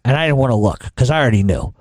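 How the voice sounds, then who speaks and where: A man's voice: mid-range voice, very animated, rapid-fire, a little mellow, no room sound, studio quality. A middle-aged man telling a long story in casual talk, cursing often and restarting his sentences. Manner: profane, rambling, many restarts. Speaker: podcast storyteller.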